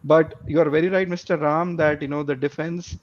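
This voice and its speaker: A man's voice: a little high, fairly even intonation, fairly quick, a little hiss or hum. A man, speaking as a panelist over a video call and dropping in frequent "you know"s. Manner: fluent, filler-heavy with frequent "you know". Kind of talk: panel discussion. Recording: muffled lo-fi call audio.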